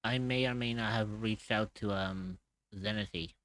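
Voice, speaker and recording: A man's voice: lowish voice, steady tone, moderate pace, a bit bright, dry recording. A man streaming while drawing, chatting casually, swearing freely and laughing often.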